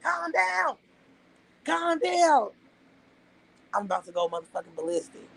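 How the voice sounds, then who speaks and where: Woman streamer, Las Vegas vernacular, husky and gravelly, profane rambling rant to chat. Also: medium pitch, darkish tone, rough recording. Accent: Las Vegas, African American Vernacular English. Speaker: livestream host. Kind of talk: casual livestream rant.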